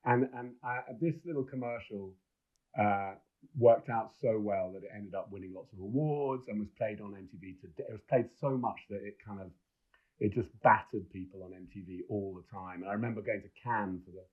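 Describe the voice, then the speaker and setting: A middle-aged man with a low voice, guesting on a podcast as a film director. He tells enthusiastic, rambling anecdotes and often restarts his sentences. The recording sounds dull and lo-fi. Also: brisk. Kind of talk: casual podcast storytelling.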